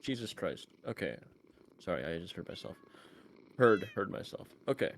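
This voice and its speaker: A guest on a voice call, a man with a New York accent, chats casually on a stream, joking, rambling and putting himself down. His voice sits low with big pitch swings, at a moderate pace.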